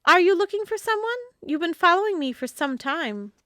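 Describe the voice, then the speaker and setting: A woman's voice: extremely high pitch, animated, brisk, no room sound, studio quality, voice pushed up. A woman reading the part of a sly, teasing young woman who mocks a would-be swindler. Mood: mocking. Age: young adult. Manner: arch, mocking, bright.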